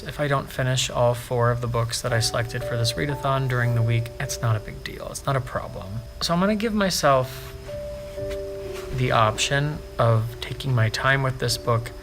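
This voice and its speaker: A man chatting casually in a book vlog on his back porch, gushing about what he reads and dropping into soft asides. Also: mid-range voice. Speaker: book vlogger. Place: back porch outdoors at home.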